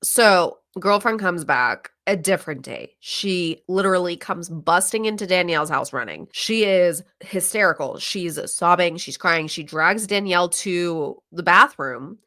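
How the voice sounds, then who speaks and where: Woman, lower voice, casual podcast host, storytelling, acts out quotes, swears a bit. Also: lively intonation, unhurried, hardly any pauses, sharp tone. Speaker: podcast host recapping a true crime show. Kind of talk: casual chat.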